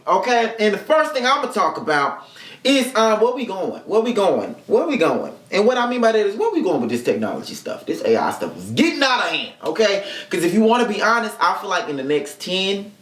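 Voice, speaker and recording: A man's voice: high-pitched, a bit bright. A man hosting a podcast, telling a comedic personal story in casual, profane talk and acting out the people he quotes. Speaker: podcast host. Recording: roomy echo.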